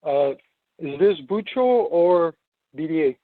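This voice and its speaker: Brief: male caller, higher voice, eager fan, tinny phone line. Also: takes it slowly. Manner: hesitant, excited fan.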